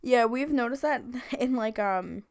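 A young woman with a Long Island accent co-hosts a casual podcast. Her voice sits high with a gravelly fry. She jokes around, swears freely and fills her talk with likes and ums. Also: unhurried, darkish tone. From Long Island, New York. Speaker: podcast co-host. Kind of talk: casual chat.

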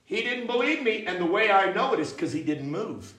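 A man preaching a revival sermon with emphasis and repetition, rising at times to sudden shouts. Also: high-pitched, sing-song, brisk. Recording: roomy church echo.

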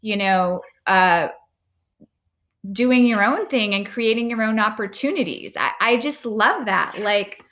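A woman's voice: mid-range voice, measured pace, a bit bright. A woman hosting a podcast interview, talking casually and chattily, with many restarts. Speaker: podcast host.

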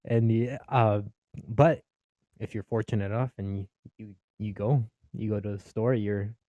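A man's voice: lowish voice, fairly even intonation, normal speed, warm tone, no room sound, highs cut off. A young Mexican-American man doing stand-up comedy, swearing freely, laughing at his own jokes and acting out his family.

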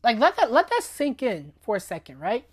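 In a relaxed faith talk, a woman keeps checking in with listeners, asking "right?" and "you know what I'm saying?". She speaks at a normal pace in a high-ish, breathy voice whose pitch swoops wildly.

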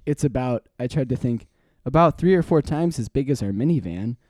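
A man reads a book aloud on a casual podcast and breaks off now and then to chat. His voice is mellow and warm. The sound is dry and close. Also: mid-range voice, lively intonation, brisk, no echo. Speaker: podcast co-host reading aloud.

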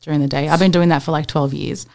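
An Australian woman, a stand-up comedian, talking casually on a podcast, full of fillers and quick laughs. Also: low voice, fairly even intonation, creaky, dark tone.

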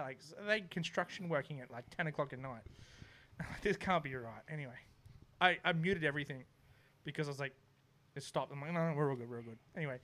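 A young man with a fairly bright voice on the high side tells a funny anecdote in casual chat, acting out his neighbours and laughing along the way.

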